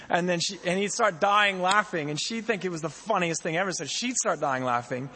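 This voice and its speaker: A young male pastor preaches in an easy, conversational way and keeps turning questions back to his congregation. His voice sits high and has a breathy, husky edge. Each word trails off into the long reverb of a church hall. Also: fairly quick, few pauses, sharp tone. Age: young adult. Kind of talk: sermon.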